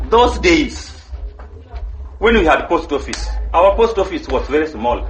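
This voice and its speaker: A man's voice: on the high side, big pitch swings, unhurried, roomy sound, soft background music, low-quality recording. A man preaching a sermon as pastor, emphatic and driving home the same phrases again and again. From Kenya.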